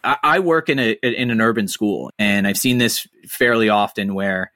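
A man's voice: on the low side, moderate pace, bright, forceful tone, no room sound, clean studio sound. A man hosting a podcast in casual chat, rambling, swearing freely and breaking into impressions. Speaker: podcast host.

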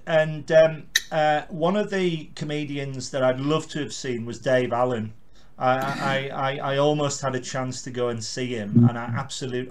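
Older male interviewer, mid-pitched, eager and reminiscing in casual chat. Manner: enthusiastic, reminiscing. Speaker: podcast host.

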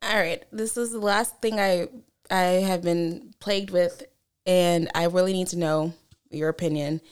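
Animated young woman swearing casually. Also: fairly low pitch, unhurried, clear, resonant tone. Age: young adult. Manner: animated storyteller, swears freely, laughs often. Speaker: podcast co-host. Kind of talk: casual chat.

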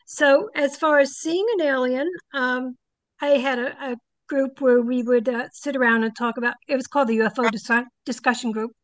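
A woman's voice: high-pitched, steady tone, normal speed, dry recording. An older woman, a psychic guest, telling stories in a casual interview and animatedly acting out the people she quotes.

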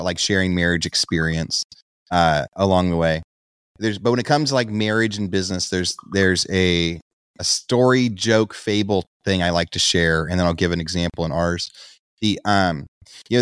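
A man with a lowish voice co-hosts a casual podcast, winding through a story and acting out the people in it. The sound is dry and close, with no room in it. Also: a bit bright, clean tone, no echo. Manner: rambling storyteller, acts out quoted voices. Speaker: podcast co-host.

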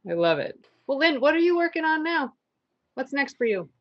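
An eager woman hosts a casual chat, tripping over her words as she gets excited. Her voice sits a bit high, and the recording is slightly dull and muffled. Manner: enthusiastic, halting restarts. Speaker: podcast host.

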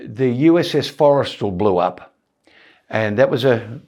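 A man's voice: medium pitch, expressive, unhurried, a little mellow. Older man telling rambling stories. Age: 70s. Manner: rambling, self-deprecating anecdotes with many restarts and fillers. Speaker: comedian guest. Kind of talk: casual interview storytelling.

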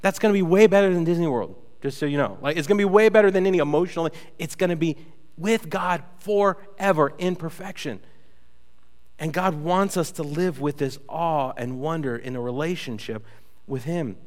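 A man preaching a casual sermon with a slightly high voice and an animated storytelling manner. He drops in playful asides to the congregation, and his voice carries a long reverb from a church hall. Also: normal speed. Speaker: pastor. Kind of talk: conversational sermon.

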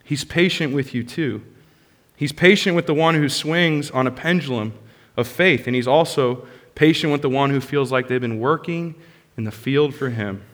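A man preaching a sermon as a pastor, passionate, rising to loud bursts and dropping to soft, hushed lines. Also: mid-range voice, normal speed. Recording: long hall reverb.

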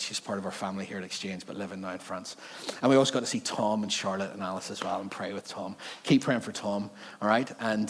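Animated man preaching in a reverberant hall. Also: lowish voice. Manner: animated, jokey, self-interrupting. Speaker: pastor. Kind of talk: sermon with humorous storytelling.

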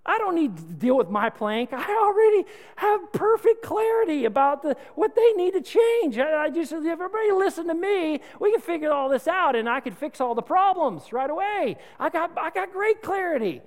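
A smug, self-satisfied know-it-all man, high-pitched and boastful, who swings his voice all over the place, as a preacher puts him on. His words ring with long reverb in a church hall. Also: very animated, moderate pace, few pauses. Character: smug self-righteous man, sure he's right.

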